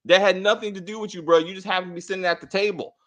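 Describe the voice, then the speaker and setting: A man co-hosting a casual spoiler review of a TV drama, talking in a blunt, animated way, cursing freely and restarting his sentences often. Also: sits high, very fast. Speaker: TV show reviewer, co-host.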